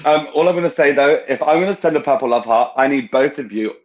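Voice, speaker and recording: A man's voice: medium pitch, fairly quick, muffled recording. A man hosting a casual chat on a video call, emotional and teasing, who swears freely. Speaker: podcast host.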